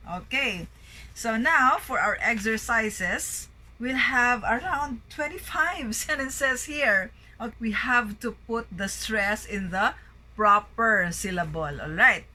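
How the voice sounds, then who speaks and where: A woman's voice: on the high side, slow, pushed and bright, slight background noise, poor audio. A woman teaching pronunciation, carefully drilling word lists and checking in with her students after each point. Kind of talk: slow pronunciation drill lesson.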